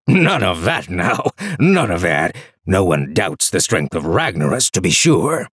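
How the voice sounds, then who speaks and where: A smug, booming warlord full of amused mockery, as a male narrator puts him on. His voice sits low and the sound is dry and close. A storybook chieftain who thinks he has won. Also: very animated, measured pace, fairly bright tone, slightly rough, dry recording, exaggerated voice. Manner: amused, mocking.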